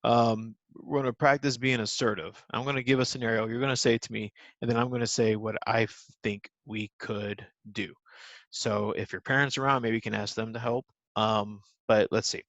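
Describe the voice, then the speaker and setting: A man's voice: medium pitch, fairly even intonation, a little fast, a bit bright, dry recording, dull audio. A man teaching a recorded lesson to young children, patient and simple in his wording, with many ums.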